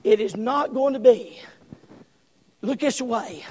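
A man preaching a sermon in a folksy manner, moving from low, slow talk to loud shouting. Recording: long hall reverb.

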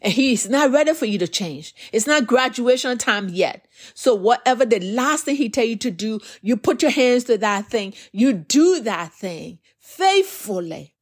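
A woman's voice: fairly high pitch, animated, normal speed. A woman preaching, sharing a personal testimony in an earnest way and sometimes repeating words as she gathers her thoughts. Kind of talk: sermon testimony.

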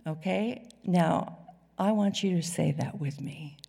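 Slow, gravelly woman preaching in a hall. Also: on the low side. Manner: dramatic swings from loud emphasis to hushed whispers. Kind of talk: sermon. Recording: reverberant hall sound.

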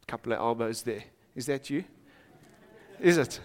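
A South African man preaching a sermon in a church, swinging from hushed lines to shouting. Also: mid-range voice, animated, moderate pace. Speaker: pastor. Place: church auditorium. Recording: long reverb of a large church hall.

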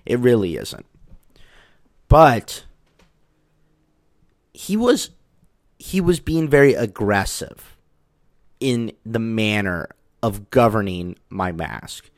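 A man with a fairly low voice tells a personal story in loose, casual talk. He rambles, says "like" all the time, and acts out what people said. The recording is dry and close, with no room sound. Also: no echo. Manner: rambling, heavy use of "like", acts out quotes.

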